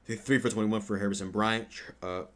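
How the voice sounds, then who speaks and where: Male sports fan host, lowish voice, casual rambling stat rundown with fillers and sudden profane outbursts. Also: fairly even intonation, brisk. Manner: rambling, profane, bursts into loud trash talk; fillers and self-corrections while reading stats. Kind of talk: casual stat-reading reaction commentary.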